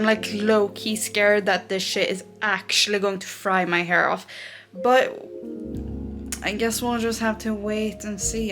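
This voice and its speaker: A young adult woman vlogging casually in a blunt, ranting way, swearing constantly. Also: mid-range voice. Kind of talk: casual vlog talk. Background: background music.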